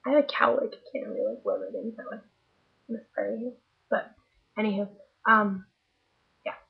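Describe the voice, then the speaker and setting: A woman's voice: mid-range voice, fairly even intonation, moderate pace, vocal fry, phone-quality sound. A woman working as a nanny, chatting wryly in a vlog about her day, worn out and tired. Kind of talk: casual vlog storytelling.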